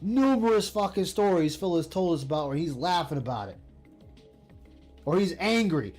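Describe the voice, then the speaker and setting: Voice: medium pitch, big pitch swings, moderate pace, darkish tone, husky, faint music behind. Profane, scornful commentary ranter. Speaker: commentary streamer. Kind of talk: angry reaction rant.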